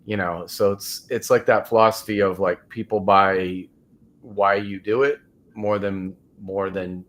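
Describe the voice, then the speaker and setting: A man's voice: fairly low pitch, steady tone, a little slow, fairly bright tone. A man hosting a podcast interview, talking casually with many fillers. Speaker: podcast host.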